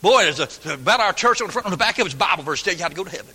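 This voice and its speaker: Folksy preacher in an echoing hall. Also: male voice, high voice, lively intonation, rapid-fire, pushed and bright, breathy edge. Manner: folksy, emphatic, mock-voices his listeners. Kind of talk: sermon. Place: church sanctuary. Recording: long hall reverb.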